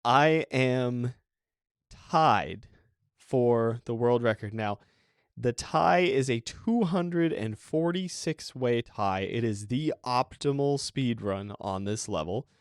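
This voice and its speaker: A man's voice: medium pitch, takes it slowly, clear, resonant tone, no echo, clean studio sound. A man hosting a podcast, talking casually and enthusiastically about a video game, rambling a bit with restarts and small laughs. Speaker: podcast host. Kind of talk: casual game review monologue.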